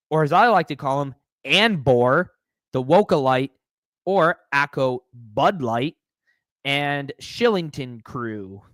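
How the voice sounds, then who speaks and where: A man's voice: on the high side, fairly bright tone, clean tone, no echo, studio quality. Sarcastic man reading stream chat. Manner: sarcastic, mocking, reads chat aloud. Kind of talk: live-stream reaction commentary.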